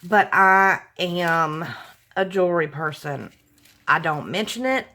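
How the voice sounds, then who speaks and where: A vlogger with a lowish voice and a slow pace opens a gift package at home at night. She gushes excitedly, gasping and exclaiming as she talks to "y'all" in easygoing unboxing chat.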